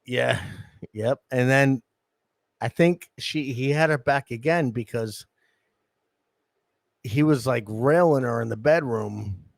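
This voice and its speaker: Profane, animated New man. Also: mid-range voice, slow pace, gravelly, pauses often, no room sound. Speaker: podcast host. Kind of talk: crude casual storytelling chat.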